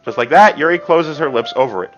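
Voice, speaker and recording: A male let's-play gamer reads a visual novel aloud and breaks in with sarcastic, quick reactions and the odd curse. His voice is mid-pitched, with a bright, forceful tone. Faint game music plays underneath. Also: animated, lo-fi sound.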